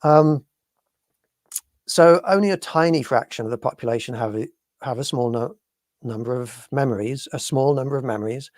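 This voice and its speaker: A man from the UK co-hosting a live paranormal talk show, speaking in a measured, hesitant way as he searches for words. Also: mid-range voice, a little mellow, dry recording, clean studio sound. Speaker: podcast co-host.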